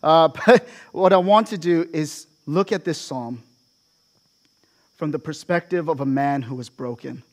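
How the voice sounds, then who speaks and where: A man with a notably high voice delivering a sermon from the pulpit. He explains the text as he goes, regularly tossing a "right?" to the congregation. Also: darkish tone. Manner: expository preaching with frequent "right?" asides to the congregation. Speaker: pastor.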